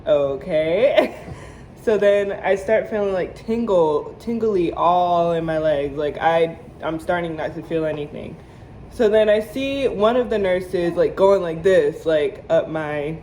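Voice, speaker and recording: A young woman vlogger telling a personal storytime, animated, acting out quoted lines and laughing often. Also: lowish voice, slight background noise, poor audio. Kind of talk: storytime vlog.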